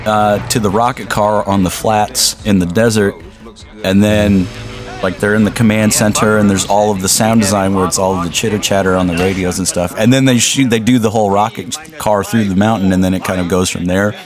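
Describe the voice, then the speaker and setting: A man's voice: on the low side, fairly even intonation, brisk. A man hosting a podcast, talking about a movie casually with rambling asides and frequent laughter. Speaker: podcast host.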